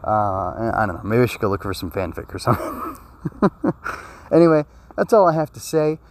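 A man's voice: on the low side, sing-song, quick pace, slight background noise. A young man with a sore throat giving a casual spoken review of an anime episode, rambling earnestly with many fillers and restarts. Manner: earnest and emotional.

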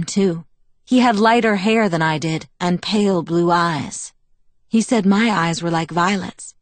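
A woman's voice: medium pitch, darkish tone, no room sound, lightly acted. A woman voicing a proud, bitter young woman vampire who tells her past in a wistful, self-mocking way, in an audiobook. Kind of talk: audiobook character reading.

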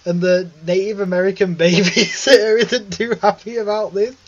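A man's voice: sits high, level tone, normal speed, dull audio, slight background noise. A man co-hosting a film podcast in casual chat, chatty and detail-focused, often giggling. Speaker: podcast co-host.

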